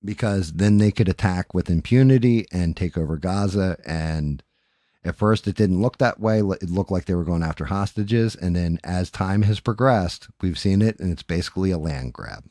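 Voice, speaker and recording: Man, live-stream host, low voice, rambling casual chat, profane, dry close mic. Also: normal speed, mellow, no echo. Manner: rambling, profane, talks straight to viewers. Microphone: studio microphone.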